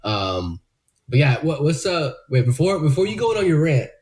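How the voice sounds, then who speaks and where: A man's voice: a little high, sing-song, normal speed, a little mellow. A man co-hosting a podcast in loose, casual chat, swearing freely and laughing often. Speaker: podcast co-host.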